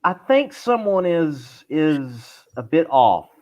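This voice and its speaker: A man's voice: fairly high pitch, sing-song, slow, darkish tone, muffled recording. Chatty male show host from Louisiana. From southern Louisiana. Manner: friendly, repeats words, jokes. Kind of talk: casual live show chat.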